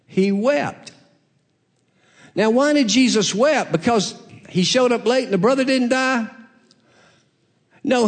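A male pastor preaching a sermon, moving from hushed, drawn-out lines to loud, rising exclamations. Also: high voice.

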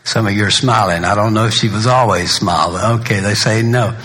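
A man's voice: fairly low pitch, fairly quick, bright, forceful tone. An older man, a pastor giving a funeral sermon, mixing folksy jokes about himself with solemn words of comfort. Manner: folksy, joking anecdotes between solemn points.

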